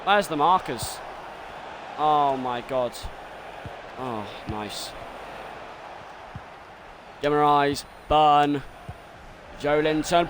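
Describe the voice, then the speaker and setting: A man streaming a football game, commentating live and swinging between muttering and excited shouting. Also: fairly high pitch, slow pace, long pauses, background noise.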